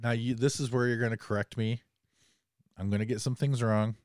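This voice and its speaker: A man's voice: medium pitch, steady tone, fairly quick, darkish tone, clean tone, dry recording, studio quality. A man hosting a casual podcast, joking and rambling as he talks, a bit under the weather. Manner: joking, rambling, self-deprecating. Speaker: podcast host.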